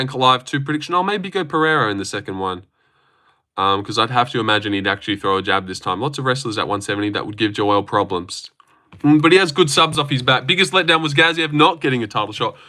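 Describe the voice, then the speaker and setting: A man's voice: medium pitch, pushed and bright. A man streaming live, answering chat in a blunt, opinionated, casual way and swearing often, while putting on a fake voice. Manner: says he is using a fake voice.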